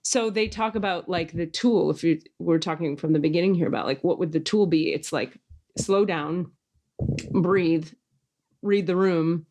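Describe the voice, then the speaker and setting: A woman's voice: fairly low pitch, normal speed, a little mellow. A woman hosting a podcast in casual chat, talking intensely and emphatically and acting out quoted voices as she tells stories. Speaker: podcast host.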